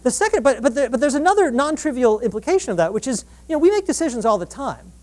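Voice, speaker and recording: A woman giving a lively public lecture on relationships. She acts out quoted dialogue and often restarts her sentences. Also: high-pitched, fast. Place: live event before an audience.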